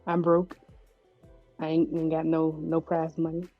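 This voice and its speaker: A woman's voice: low-pitched, completely flat delivery, a little slow, soft background music. A woman co-hosting a podcast in casual chat, blunt and matter-of-fact with a joking edge. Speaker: podcast co-host. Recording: dull lo-fi sound.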